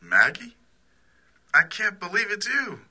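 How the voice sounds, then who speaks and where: A man's voice: high-pitched, big pitch swings, takes it slowly, bright, forceful tone, husky, full character voice. A man playing an eager, emotional former sweetheart on a phone call in a radio-style drama. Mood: earnest longing. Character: lovestruck former sweetheart Fred.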